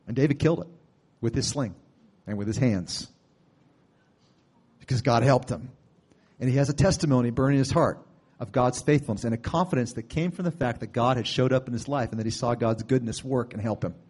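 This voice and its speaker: A man preaching a sermon, retelling a story in a conversational way with sudden loud bursts. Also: medium pitch, fairly quick, long pauses, husky.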